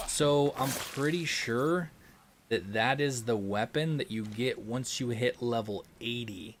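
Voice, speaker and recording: A man's voice: mid-range voice, a little slow, background noise. A young man hosting a gaming livestream, chatting casually and answering super chats with lots of ums and restarts. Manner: relaxed, rambling, frequent ums and restarts.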